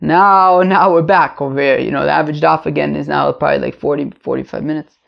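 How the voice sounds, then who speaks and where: A man's voice: a little high, fairly even intonation, fast talker, creaky. A middle-aged man, teaching a casual daily Talmud class in a rambling, chatty way with joking asides. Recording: lo-fi home mic.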